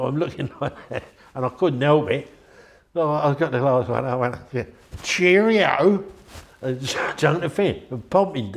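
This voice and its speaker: A gravelly, medium-pitched older man shares anecdotes in an interview. He rambles and chats, often breaking off to begin again.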